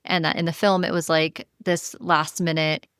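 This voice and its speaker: A woman talking books in relaxed podcast chat, with a smooth, clear voice on the lower side. She is recorded close and dry, with no room sound. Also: moderate pace, no room sound. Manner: thoughtful, many small restarts and agreeing murmurs. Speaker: podcast co-host. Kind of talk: casual book club chat.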